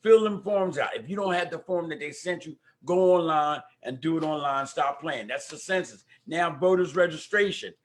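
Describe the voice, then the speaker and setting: Energetic older man hosting a livestream. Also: a little high, moderate pace, hardly any pauses. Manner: warm preacher-like exhortations. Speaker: host of a community talk show. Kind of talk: casual livestream talk. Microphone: microphone at home.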